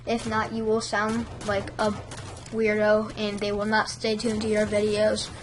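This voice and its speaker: A woman imitating a dull YouTuber who reads off a script in a flat, halting, robotic way. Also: medium pitch, a little hiss or hum, voice pushed down, close to an everyday voice. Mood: monotone.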